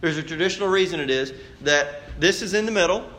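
Man, pastor preaching, high voice, rhetorical questions. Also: quick pace, a bit bright. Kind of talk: sermon.

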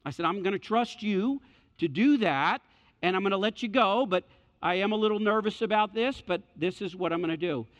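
A man's voice: high voice, fairly quick, a bit bright. A middle-aged male pastor preaching a sermon, repeating key phrases and acting out the voices in his stories. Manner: acts out quoted voices in storytelling. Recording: dull lo-fi sound with hall reverb.

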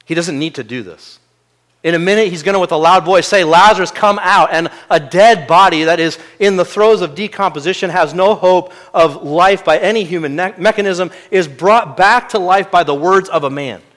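A man preaching a sermon in an earnest way, moving between quiet asides and loud, emphatic peaks. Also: high voice, normal speed.

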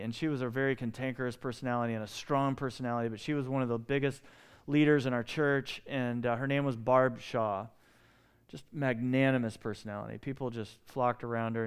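A man's voice: medium pitch, clean tone. Impassioned man preaching a sermon. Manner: impassioned, pleading preaching with rhetorical questions. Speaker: pastor.

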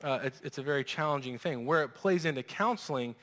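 A man preaching a sermon as a pastor, animated and acting out quoted voices. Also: mid-range voice, fast. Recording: long reverb of a large hall.

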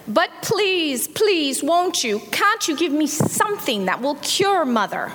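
A woman from the congregation reading a storybook passage aloud in a lively, expressive way. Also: sits high, noisy background. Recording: long hall reverb.

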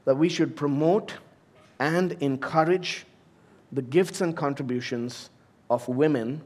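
A middle-aged man, a senior pastor, preaching a sermon that swings from soft, low passages to loud, emphatic exhortation.

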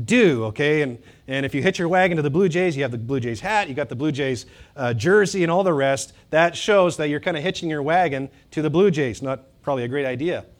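A male pastor preaching a sermon to a congregation, animated and emphatic, building to loud bursts and dropping to quiet, joking asides. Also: a little high. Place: church hall with congregation.

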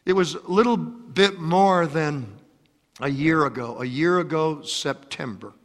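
A man preaching a sermon, impassioned, repeating his phrases and swinging between loud exhortation and hushed storytelling. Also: on the high side, measured pace, in a large hall. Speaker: pastor. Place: church.

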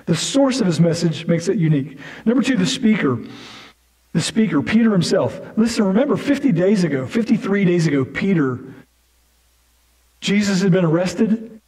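A man's voice: sits high, lively intonation, normal speed, darkish tone, rough recording. A male pastor preaching a sermon in a conversational way, with asides and restarts.

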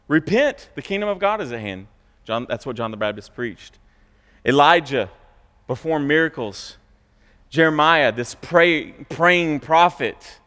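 A man preaching a sermon in a church, stressing key words loudly and dropping to quiet asides. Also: big-room sound. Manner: emphatic, swings between loud high stresses and quiet low asides. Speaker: pastor. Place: church sanctuary.

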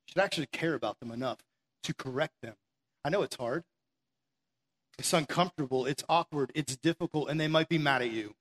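A male preacher with a fairly high voice gives a fired-up sermon from a stage. He talks in a loose, conversational way, firing rhetorical questions at the listeners. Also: brisk. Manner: energetic and conversational, with lots of "like". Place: stage before an audience.

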